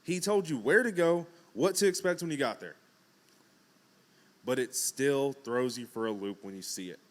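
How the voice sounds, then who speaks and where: A pastor preaches a casual sermon from a church pulpit, relaxed and conversational, with a middle-pitched voice at a moderate pace. Along the way he acts out quotes and cracks jokes.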